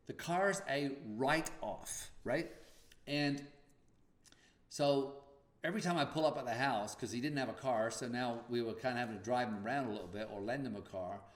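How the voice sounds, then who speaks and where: A man's voice: mid-range voice, reverberant. A man hosting a podcast, telling a personal story in a casual way and acting out the dialogue. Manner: animated, acts out dialogue. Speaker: podcast host.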